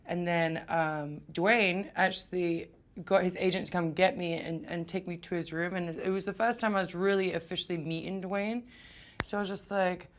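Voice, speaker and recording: A young woman in an interview, telling a story casually with lots of "like" and stumbling when she gets excited. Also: on the low side, moderate pace.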